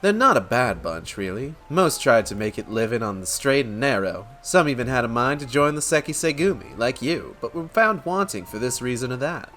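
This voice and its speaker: A man voicing a charming, smooth-talking male rogue in a game, with a theatrical British-tinged drawl. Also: medium pitch, big pitch swings, moderate pace, few pauses, fairly bright tone, soft background music. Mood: roguish.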